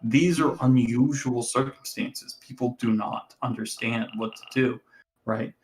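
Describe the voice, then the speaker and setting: A man's voice: medium pitch, steady tone, unhurried, slight background noise, low-quality recording. A man co-hosting a podcast in casual chat, explaining things in a hesitant way. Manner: hesitant, explanatory, laughs easily. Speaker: podcast co-host.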